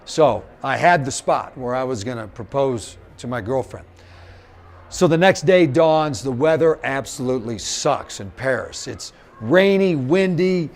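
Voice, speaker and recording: A man's voice: on the high side, a little slow. A middle-aged man from Missouri giving a live motivational talk, telling stories, acting out the quotes and speaking straight to the audience. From Missouri, USA. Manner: animated storyteller, acts out quotes, addresses the audience directly.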